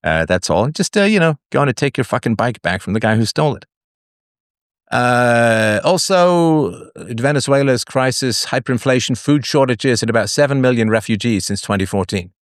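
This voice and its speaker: A man's voice: mid-range voice, animated, normal speed, no room sound, clean studio sound. A man hosting a live call-in show, blunt with crude asides, swinging his voice up and down as he talks. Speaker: host.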